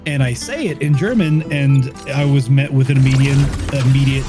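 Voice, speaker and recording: A man's voice: mid-range voice, moderate pace, over music. A man hosting a game stream, telling long rambling stories in casual chat and swearing freely. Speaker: streamer host.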